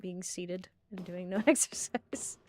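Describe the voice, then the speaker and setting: Giggly, excitable woman streamer. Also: on the low side, a little slow, slight background noise. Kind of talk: casual game stream commentary.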